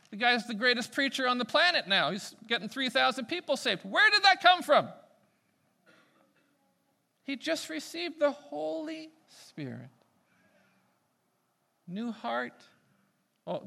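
Gravelly, bright-voiced man preaching. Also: a little high. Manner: animated, swings between loud emphatic peaks and quiet asides. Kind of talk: sermon.

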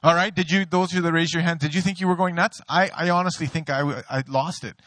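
Lively, bright-voiced male pastor preaching. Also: a little high, fast talker, no echo. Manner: storytelling, playful, laughs at own jokes. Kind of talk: sermon.

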